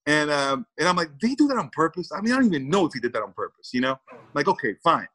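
A man's voice: on the high side, sing-song, fast talker, a bit bright, low-quality recording. A man, a former baseball player, telling a story in an interview with lots of repeated words, acted-out quotes and laughter.

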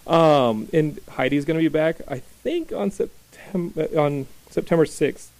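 A man hosting a podcast in a small studio, talking loosely and rambling with plenty of ums and false starts. His voice has a gravelly, fry-laden edge, and the sound is close and dry with no room behind it. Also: a little high, a little slow, darkish tone, no room sound. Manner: rambling, restarts with many ums. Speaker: podcast host. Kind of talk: casual podcast chat.

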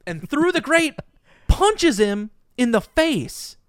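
A man co-hosting a casual chat, telling stories in an animated way and laughing often. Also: extremely high pitch, slow, dry recording, clean studio sound. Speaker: podcast co-host. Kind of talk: casual comedic storytelling.

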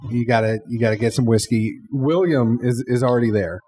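A man's voice: mid-range voice, steady tone, brisk, mellow, slightly rough. A man hosting a podcast in a hotel bar, rambling through thanks and jokes in a casual chat. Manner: chatty, joking, rambling thanks. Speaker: podcast host. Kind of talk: casual interview wrap-up.

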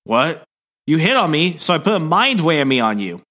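A man's voice: on the high side, sing-song, normal speed, pushed and bright, pitched above the performer's own voice, full character voice. A man voicing a psychic heroine who lectures in a stern way. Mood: scolding. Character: scolding psychic heroine, woman.

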